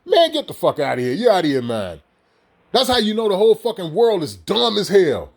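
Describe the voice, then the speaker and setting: Speaking straight to camera, a man with a high voice rants at his audience in a heated, profane monologue. He mocks freely and fires off rhetorical questions, sounding very animated and brisk, with vocal fry in his voice.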